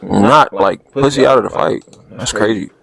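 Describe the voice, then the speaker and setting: A man hosting a reaction video with casual, animated, slang-heavy commentary that keeps breaking into laughter. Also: on the low side, moderate pace, creaky, breathy edge, poor audio.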